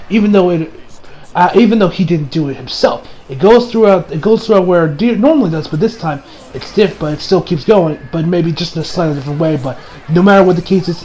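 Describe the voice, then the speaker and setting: High-voiced guy rambling thru an anime review, swears a lot, faint hum behind. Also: darkish tone, rough recording. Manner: rambling, swears, frequent restarts and fillers. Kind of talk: casual solo review.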